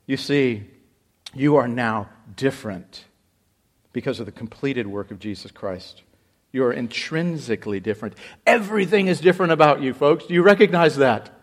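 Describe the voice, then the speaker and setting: A man preaching a sermon, swinging between loud exclamations and hushed, intense passages. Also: medium pitch, lively intonation, moderate pace. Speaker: pastor.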